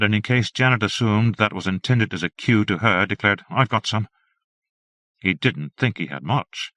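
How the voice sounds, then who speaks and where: A man narrating an audiobook in a measured, steady reading style. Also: fairly low pitch, no room sound. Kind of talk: scripted narration.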